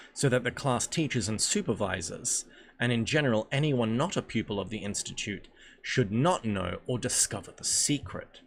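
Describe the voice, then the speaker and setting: A man's voice: mid-range voice, a bit bright, slight background noise. A man reading the lines of a young schoolgirl confiding a secret, in his own plain voice with small stumbles.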